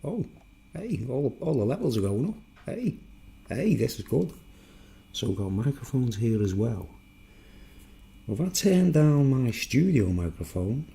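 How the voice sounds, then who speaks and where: A man with a Liverpool accent chatting casually to viewers from a home studio in a block of flats, rambling and self-mocking on a studio microphone. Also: medium pitch, gravelly, husky. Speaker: YouTuber. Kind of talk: casual chat to camera. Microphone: studio microphone, then a recorder's built-in mics.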